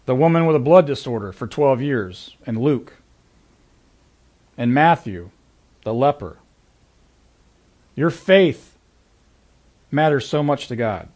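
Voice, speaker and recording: A man's voice: mid-range voice, lively intonation, slow, long pauses, darkish tone. A man preaching a sermon in an earnest, conversational way, leaning into key lines with sudden emphasis. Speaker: pastor.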